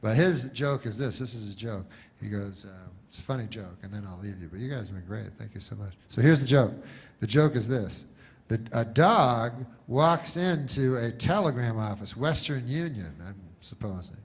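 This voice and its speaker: A male stand-up comedian telling jokes in a deadpan, rambling way, full of restarts and filler. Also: mid-range voice, normal speed, breathy edge.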